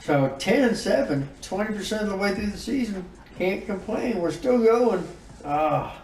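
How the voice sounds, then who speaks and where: A man giving casual commentary on his own game season, reacting out loud to each win and loss. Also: sits high, lively intonation, normal speed, gravelly, echoey room, far from the mic, a little hiss or hum, rough recording. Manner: emotive, groans and exclaims over results. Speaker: gaming YouTuber.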